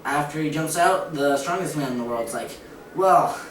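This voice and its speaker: A man's voice: fairly high pitch, a little fast. A young man casually setting up a joke challenge and telling jokes in a loose, rambling way. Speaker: channel co-host. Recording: distant echoey room with noise behind.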